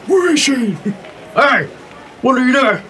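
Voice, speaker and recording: A man's voice: extremely high pitch, sing-song, measured pace, noisy background, pitched above the performer's own voice, full character voice. A man voicing a wary, blunt male half-orc stranger who mocks and laughs through his lines. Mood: suspicious.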